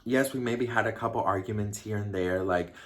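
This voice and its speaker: A man's voice: on the low side, brisk. A young man telling a personal story to his viewers in a casual, confiding vlog style. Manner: chatty and confiding, addresses viewers directly. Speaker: vlogger.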